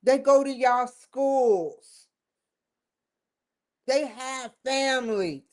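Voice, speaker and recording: A woman's voice: sits high, extremely slow, a little mellow. A woman hosting her own show, giving an emphatic, rambling opinion commentary that circles back and repeats points. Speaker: show host.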